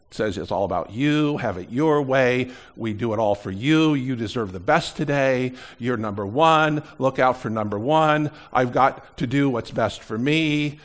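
A middle-aged man preaching a sermon as pastor, animated, swinging between loud emphasis and quieter asides. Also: mid-range voice.

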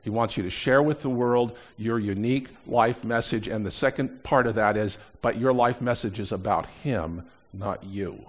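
A middle-aged man preaching a sermon as pastor, animated, swinging between loud emphasis and quieter asides. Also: on the low side, normal speed, few pauses.

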